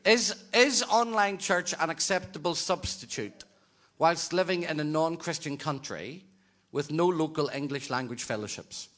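A man's voice: on the high side, normal speed, fairly bright tone. A man reading out audience comments at a church gathering, with wry joking asides.

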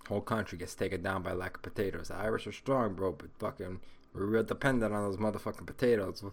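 Male solo podcast host, low voice, rambling stoner rant full of swearing. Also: fairly even intonation, fast. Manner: rambling, heavily profane, stoned.

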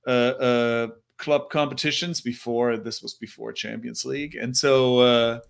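Co-host, man, mid-pitched, halting casual chat. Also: fairly even intonation, vocal fry. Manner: hesitant, many fillers and restarts. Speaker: podcast co-host.

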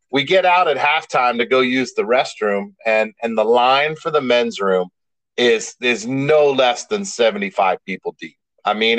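A man's voice: medium pitch, no room sound, rough recording. A middle-aged man chatting on a podcast, spinning a long anecdote with growing animation. His voice sits in an ordinary middle range and sounds dry and close to the mic. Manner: animated storyteller, rising excitement. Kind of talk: casual chat, storytelling.

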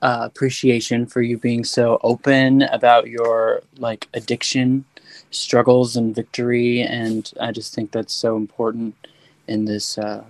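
Earnest halting man, dry sound. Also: medium pitch, monotone, no room sound, poor audio. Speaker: participant. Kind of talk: casual chat.

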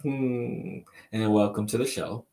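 A man hosting a spiritual live show who answers viewers' questions, speaking slowly and deliberately, stacking repeated phrases for emphasis and calling listeners "my dear.". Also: medium pitch, steady tone, mellow. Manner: affectionate, addresses listeners as my dear and my friend. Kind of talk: live-stream chat reading viewer questions.

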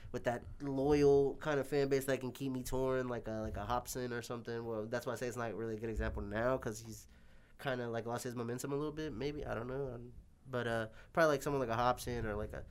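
A man's voice: mid-range voice, fairly even intonation, fast, clean tone. Rambling young man in casual talk. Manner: rambling, swears freely, many filler "like"s. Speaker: guest musician. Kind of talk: casual conversation.

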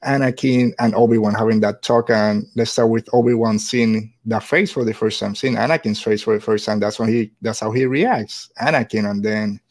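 A man's voice: lowish voice, normal speed, hardly any pauses, a little mellow. A man in a casual podcast chat, talking in a rambling way full of hedges.

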